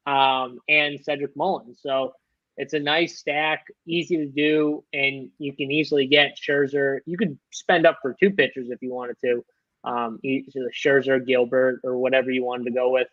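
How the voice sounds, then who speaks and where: A man's voice: medium pitch, steady tone, normal speed, no echo, dull audio. A man talking through fantasy baseball picks on a live show in a loose, rambling way, with lots of fillers. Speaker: fantasy sports analyst. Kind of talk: casual live-show chat.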